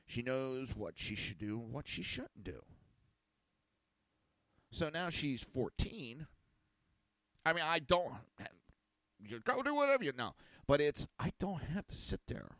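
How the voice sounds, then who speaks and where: A man's voice: mid-range voice, no echo. A middle-aged man hosting a podcast, telling family stories in a blunt, crude, casual way and acting out what people said. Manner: blunt, crude, animated storyteller acting out quotes. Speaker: podcast host. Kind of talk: casual storytelling monologue.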